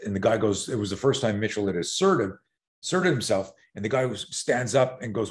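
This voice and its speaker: Brief: man in his sixties, low voice, animated podcast storyteller. Swears freely and acts out the lines of other people. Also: fairly quick. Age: 60s. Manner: animated, profane, acts out quotes. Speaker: self-defense expert guest.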